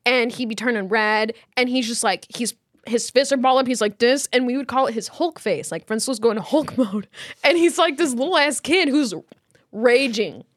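A woman co-hosting a casual sibling podcast, telling stories with lively acted-out quotes, on a close mic. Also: moderate pace, no echo. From United States. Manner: animated storyteller, acts out quotes with big pitch jumps. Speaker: podcast co-host.

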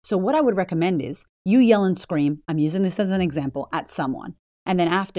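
A woman's voice: lowish voice, animated, quick pace, warm tone, dry recording, clean studio sound. A woman hosting a motivational podcast, blunt, swearing freely and firing rhetorical questions at the listener. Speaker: podcast host.

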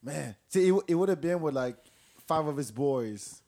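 A male host chats in an animated way and laughs easily. His pitch swings a lot and sits fairly high. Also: normal speed. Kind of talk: casual chat.

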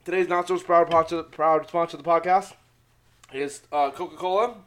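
A young man with a fairly high voice hosts his sports podcast in a loose, rambling way. He gets loud and excitable and swears all the time. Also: normal speed. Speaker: podcast host. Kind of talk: casual sports podcast chat.

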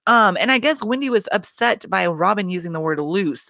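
A woman's voice: medium pitch, animated, a little fast, few pauses, a bit bright, no echo. A woman hosting a casual reality TV recap, talking bluntly with constant swearing and exasperated rants. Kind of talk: casual profane recap chat.

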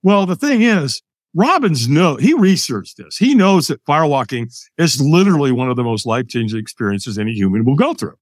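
Older man telling a lively story. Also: a little high, brisk, dry recording, studio quality. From United States. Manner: lively, acts out other people's lines. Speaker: podcast guest. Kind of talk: animated personal storytelling.

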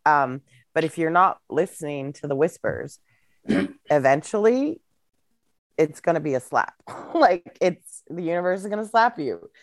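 A woman with a notably low voice co-hosts a casual chat podcast. She talks in a reflective, thinking-aloud way and backs up her partner with easy agreement. The sound is dry, with no room echo. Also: very animated, a little slow. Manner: reflective, backchannels with soft agreement. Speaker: podcast co-host.

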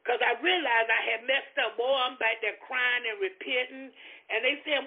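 A middle-aged woman with a husky voice telling her testimony on a Christian radio program, animated and emphatic, laughing often. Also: on the high side, normal speed. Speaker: guest speaker giving a testimony. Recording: tinny phone-line radio recording.

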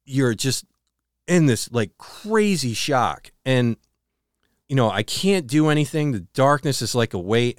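A man co-hosting a podcast, retelling a story earnestly with halting restarts and a hushed, slowed delivery on dramatic moments. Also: smooth, no echo, clean studio sound. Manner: slows and drops to a low hush on dramatic moments. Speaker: podcast co-host. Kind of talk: casual storytelling chat.

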